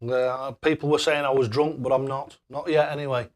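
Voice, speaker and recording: A man's voice: mid-range voice, steady tone, normal speed. A man hosting a casual live stream, chatting away and thanking viewers by name with matey banter. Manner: matey banter, calls people mate.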